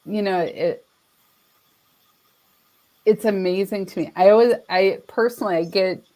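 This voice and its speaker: Woman host, unhurried, encouraging, mid pitch. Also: dark tone, rough recording. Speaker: interview host. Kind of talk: casual interview chat.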